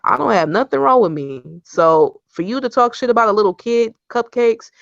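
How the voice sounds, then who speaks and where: A woman's voice: fairly high pitch, lively intonation, moderate pace, creaky, dry recording. A young woman in casual online chat, defending herself bluntly and swearing freely. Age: young adult. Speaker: guest. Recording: dry, slightly dull stream audio.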